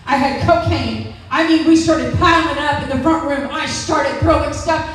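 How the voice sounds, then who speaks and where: A woman in her sixties stands up in church to tell her testimony, emphatic and dramatic, acting out every voice in the story. Her voice sits high. She is picked up from a distance in a very echoey hall, with a faint hiss under it. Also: fairly even intonation, normal speed. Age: 60s. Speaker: testimony speaker. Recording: echoey room, distant mic, faint noise.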